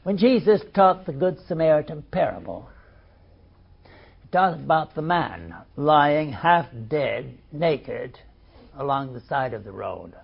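A man preaching a sermon, swinging between loud emphasis and quiet asides. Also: on the high side, big pitch swings, takes it slowly, gravelly, slightly rough, dull audio.

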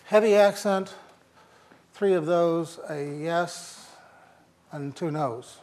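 A man's voice: on the high side, slow pace, darkish tone. Dry-humored older male lecturer. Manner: dry humor, thinking aloud with fillers and restarts. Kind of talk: university lecture.

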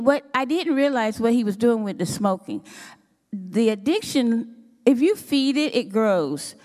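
A somewhat high-voiced woman gives a church testimony, telling her story with lively, expressive swings. Her voice carries a long hall reverb. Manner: expressive, acts out her own quotes with sudden pitch jumps. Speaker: church speaker giving a testimony.

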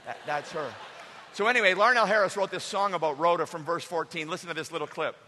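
A male pastor preaching a lively sermon, acting out the story and drawing the congregation in. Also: high voice, fast talker, slight background noise. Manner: animated, acts out the story with the congregation. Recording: echoey hall.

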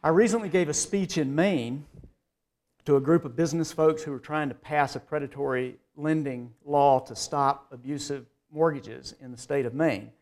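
Folksy Southern man, slightly high voice. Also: normal speed, a little mellow. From North Carolina, US. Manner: folksy, self-deprecating storyteller. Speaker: keynote speaker. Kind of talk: keynote speech with humorous anecdotes.

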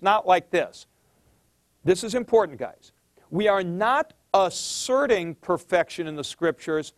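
A man's voice: high voice, no room sound, clean studio sound. A middle-aged man teaching a theology class in a conversational lecture, thinking aloud and stressing key points.

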